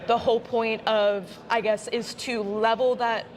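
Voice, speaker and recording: A woman arguing her side in a live debate, earnest and quick, talking over her opponent. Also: a little high, level tone. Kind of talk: live debate in front of a crowd. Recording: crowd noise behind the voice.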